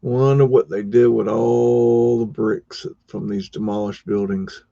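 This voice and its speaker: A man's voice: on the low side, steady tone, a little slow, gravelly, warm tone, dry recording. A man hosting a live show, casually talking through old photos with rambling, chuckling asides. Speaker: host. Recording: dull, dry lo-fi sound.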